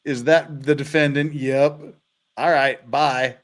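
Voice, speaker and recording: A man's voice: medium pitch, slow. A man hosting a casual livestream, chatting and telling stories with lots of laughter. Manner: laughing, animated storyteller. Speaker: livestream host.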